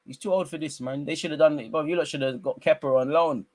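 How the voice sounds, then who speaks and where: A young man hosting a live football watch-along, talking in slangy banter that keeps jumping into excited outbursts as he teases the players. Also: fairly high pitch, fast talker, no room sound.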